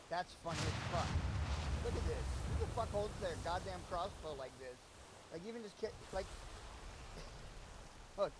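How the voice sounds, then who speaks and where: Profane young male streamer, noisy background. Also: a little high. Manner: profane, rambling, joking. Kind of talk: casual game commentary. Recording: background noise.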